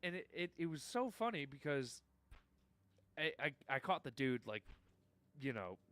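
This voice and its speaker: Animated high-voiced male streamer. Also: unhurried, no room sound. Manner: animated, swearing storyteller. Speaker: streamer telling a story. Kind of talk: casual gaming chat.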